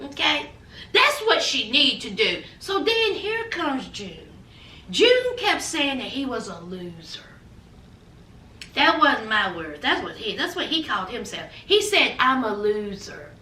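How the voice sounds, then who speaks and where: A woman's voice: sits high, very animated, a little slow, sharp tone, a little hiss or hum. A woman hosting a reality TV recap with sassy, gossipy commentary. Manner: sassy, gossipy, dramatic asides. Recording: echoey room, distance from mic.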